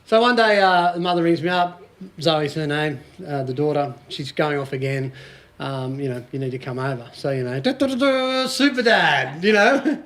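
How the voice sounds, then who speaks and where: High-voiced joking Australian man. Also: animated, normal speed. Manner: jokey, storytelling, laughs often. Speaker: motivational speaker. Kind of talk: live talk to a small audience.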